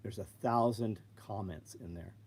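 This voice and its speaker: A man's voice: fairly low pitch, unhurried, darkish tone, breathy edge. A man running his own business, telling blunt, profane stories on a live stream and acting out both sides of conversations. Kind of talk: blunt casual storytelling.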